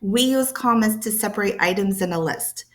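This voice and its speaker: A woman with a mid-range voice and moderate pace explains an English lesson to camera for learners. Her manner is patient, with repeated key points, playful stress, and sound words.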